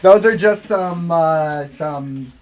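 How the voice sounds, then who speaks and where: A man's voice: on the high side, slow pace. A man teaching a youth group a casual Bible lesson, chatting with asides and questions to the group.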